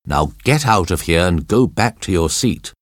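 A man voicing a calm, stern male airline captain in an audiobook story, giving firm orders. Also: sits low, normal speed, no echo, clean studio sound. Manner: firm, commanding.

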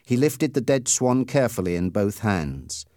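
A man's voice: lowish voice, big pitch swings, mellow, no echo, studio quality. A man reading a story aloud as narrator, in scripted storybook narration. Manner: slow, clearly paced reading.

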